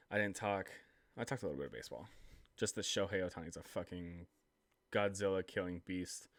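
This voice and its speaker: A man's voice: on the low side, a bit bright, dry recording, studio quality. A young man doing casual solo sports commentary, rambling and self-deprecating with lots of fillers. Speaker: sports vlogger.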